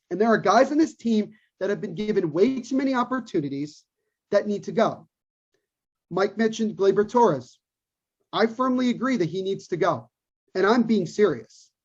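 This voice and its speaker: On a sports podcast, a co-host with a high-sitting, husky, breathy voice holds forth emphatically and with strong opinions, repeating his points to drive them home. The recording sounds dull, muffled, and lo-fi.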